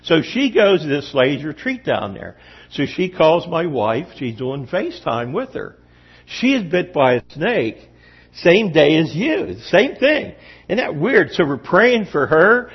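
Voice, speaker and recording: A man's voice: a little high, very animated, measured pace, husky. A middle-aged man preaching a sermon to a room, telling stories with animation and quizzing the audience. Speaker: pastor. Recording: dull lo-fi recording.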